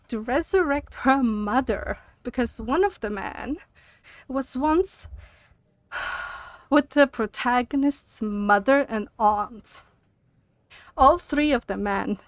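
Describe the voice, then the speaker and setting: A young woman streamer chatting casually while she plays, ranting about things and laughing as she goes. She talks slowly with a slightly high voice and swears freely. The sound is dry and close on a desk mic. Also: no room sound. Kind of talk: casual chat while gaming.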